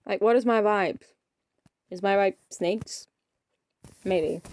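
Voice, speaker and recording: A woman's voice: medium pitch, takes it slowly, a little mellow, no echo, studio quality. A young woman of eighteen, chatting in a rambling, self-deprecating way in a casual vlog. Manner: rambling, self-deprecating, often trails off into mumbles. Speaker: vlogger. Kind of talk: rambling casual vlog chat while playing a game.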